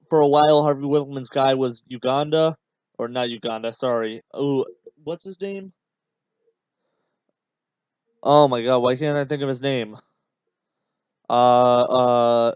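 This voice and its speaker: A man's voice: medium pitch, normal speed, a little mellow, clear, resonant tone, dry recording. Sarcastic, exasperated man on a podcast. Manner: exasperated, sarcastic, rambling with many fillers. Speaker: podcast host. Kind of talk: casual watch-along commentary. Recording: dull, dry podcast mic.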